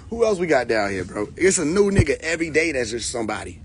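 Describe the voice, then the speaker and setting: A man's voice: a little high, a little hiss or hum. A young man hosting a casual live stream, mocking and profane, often breaking into laughter.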